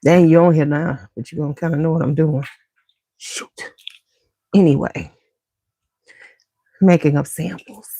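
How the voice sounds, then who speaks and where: A woman chats casually on her beauty channel, drifting between topics and greeting viewers by name. Her voice is husky, and the recording is dry and close. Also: sits low, fairly even intonation, a little slow, long pauses, dark tone, dry recording. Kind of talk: casual chat with live viewers.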